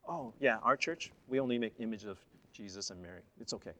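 An easygoing male taxi driver, quoted by a man telling a story, answers in a casual, agreeable way. His voice sits fairly low. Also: quick pace, fairly bright tone, a little hiss or hum, lightly acted. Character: eager middle-aged male taxi driver, churchgoer.

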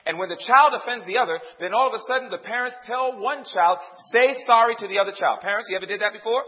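A male preacher delivering a sermon. He calls out questions to the congregation and swings from loud, emphatic lines to low, hushed ones. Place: church service before a congregation. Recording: dull lo-fi sound.

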